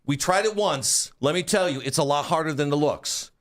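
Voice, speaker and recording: A man's voice: on the high side, moderate pace. A man chatting as a guest in a radio studio, eagerly explaining a sport and stumbling over his first words. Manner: enthusiastic, explanatory, repeats words when starting. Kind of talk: casual studio chat.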